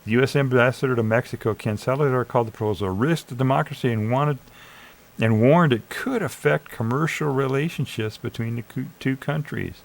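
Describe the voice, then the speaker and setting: A man's voice: mid-range voice, brisk, gravelly, low-quality recording. A man streaming live, reading chatbot answers aloud and arguing back with sarcasm, urging listeners to think. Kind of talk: casual commentary reading AI chat aloud.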